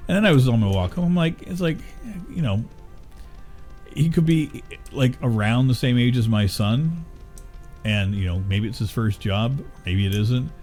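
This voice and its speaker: A man's voice: mid-range voice, normal speed, a little mellow, faint music behind. A middle-aged man chatting casually while streaming a game, rambling and cursing as he grumbles. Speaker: gaming streamer. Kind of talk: casual chat while gaming.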